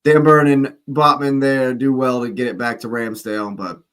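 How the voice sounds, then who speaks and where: A man's voice: medium pitch, level tone, normal speed, fairly bright tone, smooth. A man hosting a football watch-along, calling the play live in a chatty, casual way with exclamations and slangy asides. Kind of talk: casual live match commentary.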